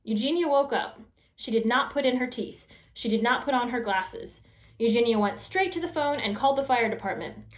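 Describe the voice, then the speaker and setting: A woman reading a children's storybook aloud with expressive, animated storytelling. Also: a little high, moderate pace. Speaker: storytime reader. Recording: echoey room.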